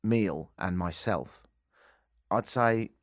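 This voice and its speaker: A man's voice: lowish voice, very slow, dry recording. A man with a Canadian accent hosting a talk radio show, mocking the news with dry humor. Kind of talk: sarcastic talk radio monologue. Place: radio studio.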